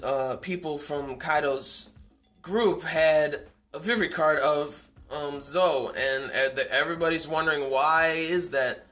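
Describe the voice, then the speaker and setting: A man's voice: a little high, fairly bright tone. A young man casually recapping a comic chapter in a rambling, amused way, full of fillers and restarts. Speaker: manga review vlogger.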